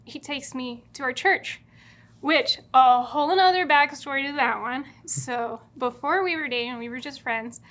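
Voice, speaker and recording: A young woman with a high, light voice tells her love story in a studio. She is bubbly and giggly and jumps into quoting herself and her partner as she goes. The talk is casual and chatty throughout. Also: moderate pace, a bit bright. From California. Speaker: bride-to-be telling their love story. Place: video studio.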